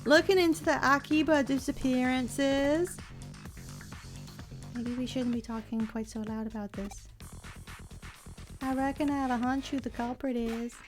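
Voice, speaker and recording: A woman voicing a young country girl with a drawl, hushed and cautious. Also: very high-pitched, lively intonation, slow, voice pushed up, heavily acted. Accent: rural drawl. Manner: secretive, cautious. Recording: game music playing faintly behind.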